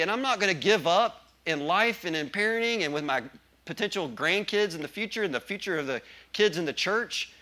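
A man's voice: a little high, bright, forceful tone. A male pastor preaching a sermon with emphasis, often asking the congregation questions.

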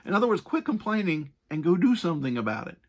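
A man's voice: high voice, big pitch swings, quick pace. Earnest, conversational male preacher. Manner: earnest and emphatic, with casual asides and restarts. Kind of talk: conversational sermon.

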